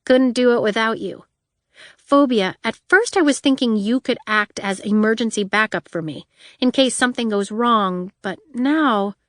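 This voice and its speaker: A woman voicing a wary young female inventor with a deadpan, wry way of talking. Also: a little high, moderate pace, dry recording, clean studio sound, close to an everyday voice.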